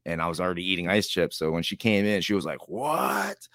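A man's voice: low voice, fairly even intonation, fast talker, fairly bright tone, no echo, studio quality. A man speaking as an interview guest, rambling and acting out other people's lines with laughs. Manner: rambling, acts out quoted voices with laughs. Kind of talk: casual storytelling interview.

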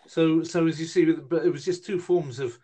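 A man in his fifties from Newcastle in northern England tells a long personal story during a relaxed interview, his voice on the high side and his speed normal. It's casual storytelling conversation, rambling and hesitant, full of fillers and restarts.

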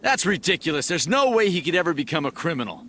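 A man voicing an earnest young male martial artist in a dubbed animated film clip. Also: a little high, fast, a little hiss or hum.

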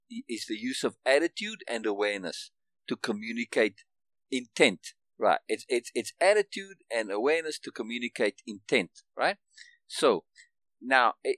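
A man's voice: mid-range voice, fairly bright tone, dry recording. A man hosting a casual one-on-one conversation, explaining emphatically with lots of restarts and repeated words, and often checking in with "right?". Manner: keeps checking understanding with "right?". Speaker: podcast host.

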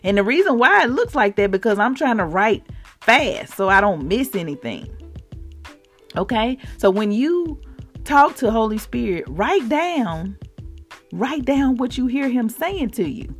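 A woman from Mississippi with a Southern accent, hosting a devotional podcast and exhorting listeners in an animated, informal way. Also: on the high side, unhurried, soft background music. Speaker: podcast host, faith encourager.

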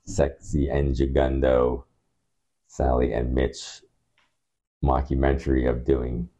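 Podcast co-host: a man with a low, mellow voice, rambling and laughing as he chats. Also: monotone, slow, breathy edge. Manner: rambling, laughing, acts out quotes. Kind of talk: casual chat. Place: rented holiday home.

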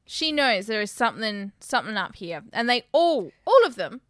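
A woman's voice: fairly high pitch, big pitch swings, moderate pace, a loud crowd. A woman, casually recapping a film as a podcast co-host, chatty and agreeable.

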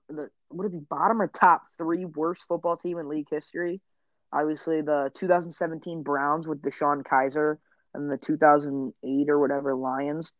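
A brash young man trading football picks on a casual podcast, his voice pitched a bit high. He jokes and swears freely. The recording sounds dull and dry, with no room around it. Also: dry recording. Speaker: podcast co-host. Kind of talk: casual sports chat.

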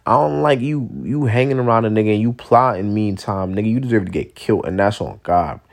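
A young man in a casual, profane monologue, rambling and blunt, swinging between loud outbursts and low mutters. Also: fairly quick, vocal fry.

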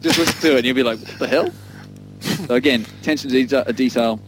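A man's voice: medium pitch, very fast, heavy background noise. A man co-hosting a casual music podcast, rambling enthusiastically and laughing often. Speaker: podcast co-host discussing an album.

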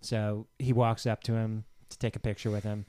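A man's voice: fairly low pitch, little pitch movement, normal speed, dark tone, dry recording. A man co-hosting a gaming podcast, telling a casual anecdote in an easygoing way. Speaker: podcast co-host. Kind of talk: casual storytelling chat.

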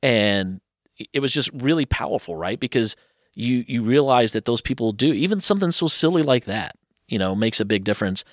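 A man in his thirties, a guest telling personal stories in a lively, casual way, acting out what others said. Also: mid-range voice, no echo, studio quality. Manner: animated, quotes others in quick asides. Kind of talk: casual storytelling.

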